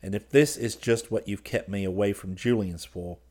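A man's voice: lowish voice, moderate pace, darkish tone, close to an everyday voice. A man voicing a scornful, exasperated young male art student scolding his friend. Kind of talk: audiobook character reading.

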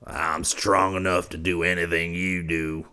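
A man voicing a gruff, stubborn old rancher in a western audiobook, snarling and barking his lines. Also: deep voice, little pitch movement, measured pace, pushed and bright. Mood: surly. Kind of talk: audiobook character voice.

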